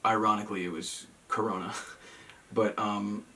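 A man's voice: lowish voice, level tone, measured pace, pushed and bright, recorded from a distance. A young man from Massachusetts telling a story in casual chat, rambling and self-mocking, with many ums and restarts.

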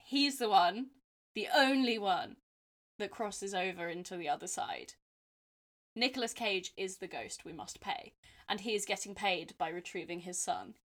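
A young woman co-hosts a relaxed film podcast. She tells the story with playful, theatrical flair, building jokes as she goes. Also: mid-range voice, moderate pace. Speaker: podcast co-host. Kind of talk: casual film review chat.

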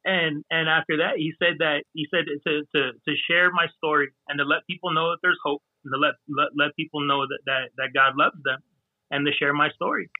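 A man's voice: fairly high pitch, fairly even intonation, a little fast, no echo, narrow, tinny audio. A man talking earnestly as a podcast guest, often repeating words as he starts a thought. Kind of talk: casual podcast conversation.

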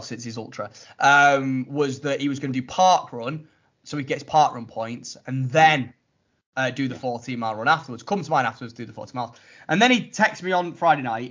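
A man telling a story in a casual chat, animated and mocking, acting out what others said. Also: medium pitch. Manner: animated, mocking retelling with acted-out quotes. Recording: lo-fi muffled audio.

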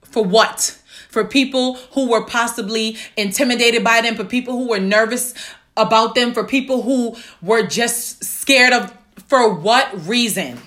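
A woman talking straight to her viewers in an emotional video, close to tears. She speaks slowly, with long deliberate pauses, and her voice is bright and tense. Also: fairly high pitch. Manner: slow, deliberate reciting with heavy pauses. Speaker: vlogger. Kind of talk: emotional solo video address.

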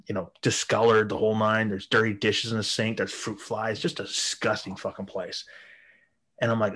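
A man telling a crude story in a casual podcast chat, swearing heavily and laughing while acting out quotes in an animated way. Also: on the low side, a little slow, long pauses.

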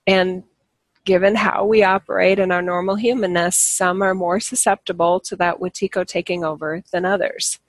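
A woman's voice: on the low side, flat delivery, moderate pace, no room sound. A woman hosting a live stream, talking casually and rambling, often restarting her sentences and laughing at herself. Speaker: livestream host. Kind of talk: casual spiritual talk to live viewers.

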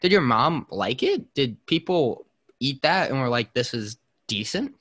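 A man's voice: medium pitch, expressive, a little slow, fairly bright tone. A man hosting a casual podcast chat, rambling between topics with frequent fillers and restarts. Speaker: podcast host.

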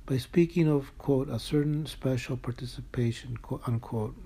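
Very dark, flat-voiced man reading scripture. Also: mid-range voice, moderate pace, breathy edge. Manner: reads each citation out in full, marking quotes aloud; earnest and moved by the text. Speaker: reader of a church document. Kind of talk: reading a religious text aloud with asides.

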